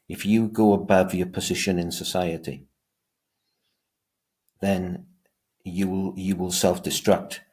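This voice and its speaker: Deep-voiced male teacher lecturing. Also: darkish tone. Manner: emphatic, often restarts and repeats words. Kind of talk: revision lecture.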